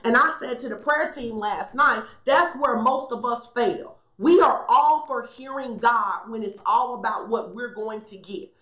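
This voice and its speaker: A woman's voice: on the high side, a bit bright, reverberant. A middle-aged woman preaching a sermon, emphatic and repeating key phrases for stress.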